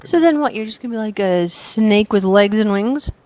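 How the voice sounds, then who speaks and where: A woman's voice: medium pitch, expressive, normal speed, a little mellow, dry recording, close to an everyday voice. A woman voicing a sly young female adventurer who teases a dragon with half-whispered questions. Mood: teasing.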